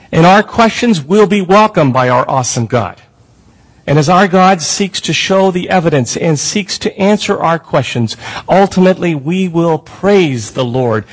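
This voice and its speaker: A man's voice: fairly high pitch, slightly rough, low-quality recording. A man preaching a sermon as pastor, with a prayer and emphatic questions to the congregation.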